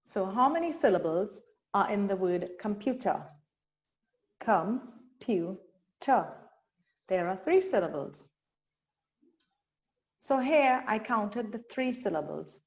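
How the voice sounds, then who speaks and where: Slow, deliberate woman teaching syllables. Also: medium pitch, a little mellow. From Trinidad and Tobago. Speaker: teacher trainer. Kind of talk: instructional webinar talk.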